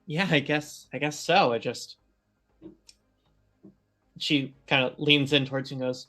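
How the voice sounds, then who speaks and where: A man narrating as game master of a tabletop role-playing game, often pausing with fillers as he describes the scene. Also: mid-range voice, fairly even intonation, pushed and bright, faint music behind. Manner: hesitant, filler-heavy narration.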